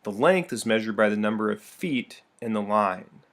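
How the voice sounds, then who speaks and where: A man's voice: on the low side, expressive, moderate pace, fairly bright tone. A young man teaching a recorded lesson, playful and full of joking asides.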